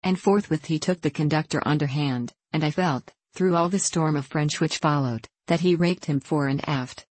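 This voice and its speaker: A woman with a low voice reads a classic novel aloud in a measured, deliberate way. The sound is dry and close, with no room around it. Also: darkish tone, dry recording, low-quality recording. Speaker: audiobook narrator. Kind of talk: scripted narration of a classic novel.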